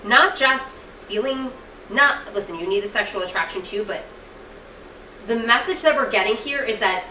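Bright high-ish woman ranting about a movie, acts out lines, swears a lot, echoey room, mic kinda far. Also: normal speed, slight background noise. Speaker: podcast co-host. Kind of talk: casual film review chat.

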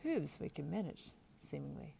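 A woman's voice: deep voice, sing-song, moderate pace, vocal fry, dark tone, breathy edge, full character voice. A woman doing a blunt, homely hobbit lad. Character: stout-hearted, practical young male hobbit, blunt and gruff. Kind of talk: audiobook character voice.

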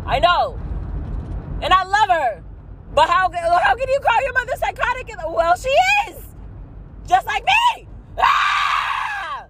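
Profane woman venting and shouting in a car. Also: sits high, a little hiss or hum, rough recording. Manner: profane, shouting in bursts, rambling. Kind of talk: angry venting vlog.

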